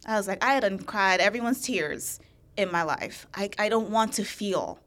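Candid, expressive woman talking freely. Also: medium pitch, moderate pace. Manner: candid and expressive, swears freely, acts out her past thoughts. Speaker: podcast guest. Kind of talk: casual podcast conversation.

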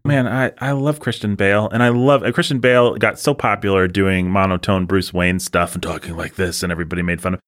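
Low-voiced male co-host, casual, thoughtful and opinionated. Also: steady tone, fast, hardly any pauses, a bit bright. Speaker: podcast co-host. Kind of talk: casual film review chat.

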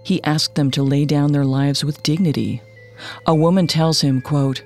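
A man narrating a scripted true-crime story in a measured, matter-of-fact way. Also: on the high side, fairly even intonation, darkish tone, faint music behind. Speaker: podcast narrator.

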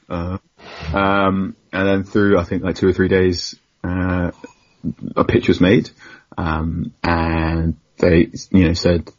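A man's voice: sits low, fairly even intonation, measured pace, a bit bright, dull audio. A young man, a football journalist as a guest, telling rambling, self-deprecating stories with frequent laughs. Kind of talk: casual storytelling interview.

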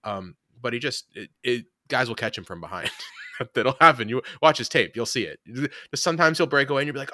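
Male co-host, casual sports chat, bright voice, upbeat and chatty. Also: mid-range voice. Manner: animated, laughs often, quick asides. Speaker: podcast co-host.

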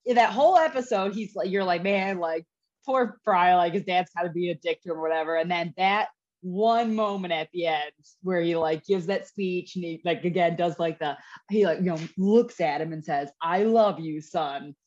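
A young woman chats on a podcast, rambling with a string of "like"s. Her voice sits a little low. The recording sounds dull and lo-fi. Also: normal speed, darkish tone. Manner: rambling, peppered with "like". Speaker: podcast co-host. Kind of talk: casual chat.

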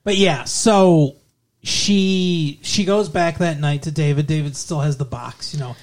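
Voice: mid-range voice, unhurried. A podcast co-host recapping a TV episode in casual, profane, rambling chat.

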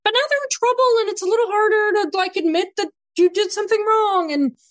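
A woman's voice: very high voice, fast talker, no room sound. A woman guest on a casual podcast interview, talking animatedly about parenting and acting out dialogue with her son. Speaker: guest, behavior consultant.

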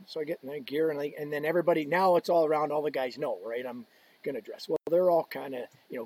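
A man telling a story on a podcast as a guest, animated, swearing often and acting out what people said. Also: fairly high pitch, fast talker, breathy edge, no echo, rough recording. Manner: animated, swearing, acts out quotes. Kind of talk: casual storytelling.

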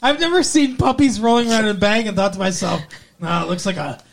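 A man co-hosting a podcast, chatting casually and sarcastically about a TV episode, with plenty of swearing and deadpan asides. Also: high voice, quick pace, creaky. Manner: sarcastic, profane, quotes characters in flat asides. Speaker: podcast co-host. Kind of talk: casual chat recapping a TV episode.

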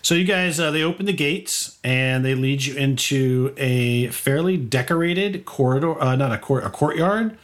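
A male game master narrates scenes at a leisurely pace. He talks in a loose, halting way full of fillers, in a mid-range voice. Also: mid-range voice. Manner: relaxed, hesitant, many fillers.

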